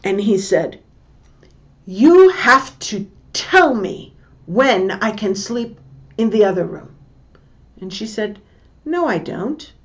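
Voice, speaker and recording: Slow, deliberate woman teacher. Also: medium pitch, expressive. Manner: slow, deliberate, acts out the voices in her story. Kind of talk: lesson with a personal story. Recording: dull lo-fi recording.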